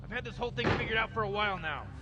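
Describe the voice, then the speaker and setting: A man's voice: sits high, animated, very fast, dull audio, very noisy. A man voicing Rick, a careless old mad scientist who rambles through his plans and brushes off worries, as a fan impression over gameplay. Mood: scheming. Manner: rambling, dismissive.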